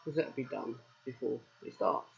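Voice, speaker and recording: A man's voice: mid-range voice, normal speed, creaky, slightly rough. A man with a southern English accent, chatting and rambling straight to viewers as he streams a farming game. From England. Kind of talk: casual let's play commentary. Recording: dull lo-fi recording.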